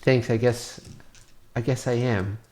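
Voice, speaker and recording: A man voicing a sullen young woman in a tabletop game, muttering in a flat, dismissive way. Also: medium pitch, unhurried, natural voice. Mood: grudging.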